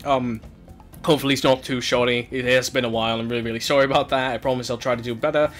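A man commentating his own racing game play, excitable, shouting and laughing at the game. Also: medium pitch, fast talker, soft background music. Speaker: gaming channel host.

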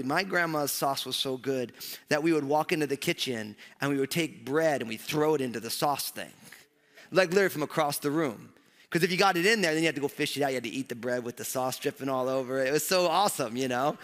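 Animated New pastor in a big hall. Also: male voice, a little high, fast talker. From New Jersey, USA. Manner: animated, joking, lots of fillers. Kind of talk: storytelling sermon. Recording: long hall reverb.

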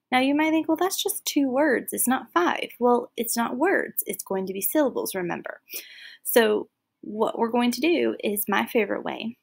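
A woman's voice: medium pitch, creaky, slightly rough. A woman teaching a recorded first grade lesson, explaining patiently and clapping out syllables. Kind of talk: recorded classroom lesson for young children.

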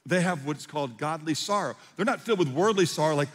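Male pastor, sermon, slightly high voice, emphatic, long hall reverb. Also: expressive, fast talker, few pauses, husky. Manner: swings from hushed to loud, emphatic preaching.

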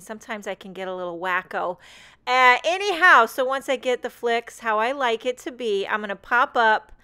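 A woman's voice: fairly high pitch, fairly bright tone, clear, resonant tone. A woman, hosting a card-making tutorial in a bubbly, chatty, self-deprecating voice-over.

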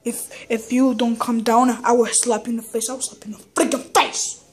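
A woman with a high voice puts on a cranky toy dad who scolds and threatens during make-believe play. He rambles and bosses the little one around with constant impatience. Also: fairly even intonation, normal speed, husky. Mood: threatening.

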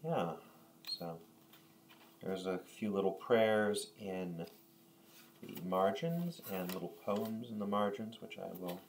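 A man with a very low voice leads a prayer service as a lay reader. He moves between reading and chanting the liturgy and giving relaxed, halting instructions, with frequent fillers and throat-clearing. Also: a little hiss or hum. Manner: unhurried, halting asides with fillers.

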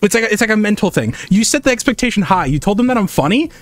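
A man's voice: high-pitched, big pitch swings, very fast, dry recording. A young man streaming as a digital artist, chatting casually and profanely, reading his chat aloud and firing jokes back.

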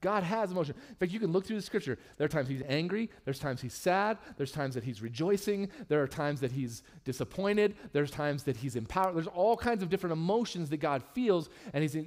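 Male pastor, sermon, fairly high voice, candid, humorous, church sanctuary. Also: moderate pace. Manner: candid and humorous, with lively swings in pitch and loudness.

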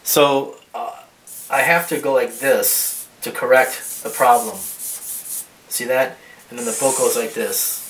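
A man's voice: medium pitch, slow pace, fairly bright tone. A man teaching a drawing lesson as he works, thinking aloud and rambling, with many restarts. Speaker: art teacher. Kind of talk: drawing demonstration. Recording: roomy echo, mic at a distance, faint hiss.

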